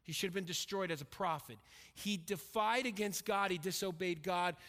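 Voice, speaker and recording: A middle-aged man preaching a sermon as pastor, emphatic and dropping to a quiet intensity when he tells a personal story. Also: sits high, normal speed. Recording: long reverb of a hall.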